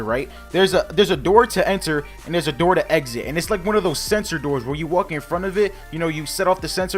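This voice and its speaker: A young man vlogger telling a casual storytime, animated, profane and mocking himself. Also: on the high side.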